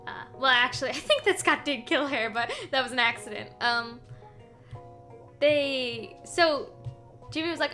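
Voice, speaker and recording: A woman's voice: high-pitched, a little slow, pushed and bright, faint music behind. A woman streamer chatting casually as she recaps a game series, rambling with lots of ums and small laughs. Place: home streaming setup.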